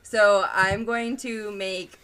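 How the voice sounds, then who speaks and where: A woman's voice: mid-range voice, little pitch movement, takes it slowly, background noise. A woman co-hosting a podcast in casual group chat, laughing often. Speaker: podcast co-host.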